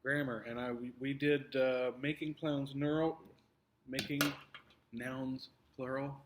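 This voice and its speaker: A man's voice: medium pitch, level tone, takes it slowly, background noise. A man teacher walking his students through an upcoming test, explaining patiently with many fillers and restarts. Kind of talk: recorded test review for students.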